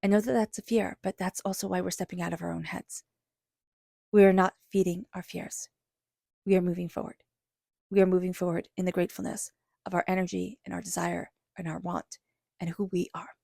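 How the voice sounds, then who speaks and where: A woman giving a spiritual tarot reading in a soft, flowing voice with repeated affirmations. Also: fairly low pitch, creaky, no echo, studio quality. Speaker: tarot reader.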